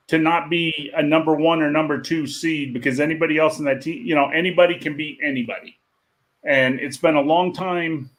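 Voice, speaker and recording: A man musing hesitantly as a panelist on a livestream, with frequent pauses and ums. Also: a little high. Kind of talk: casual podcast chat.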